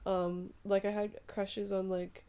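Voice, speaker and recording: A woman's voice: mid-range voice, slow, clear, resonant tone. A young woman in her twenties from Australia, co-hosting a podcast in casual, chatty talk, sleepy late at night. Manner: relaxed, chatty, swears and giggles. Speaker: podcast co-host. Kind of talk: casual chat.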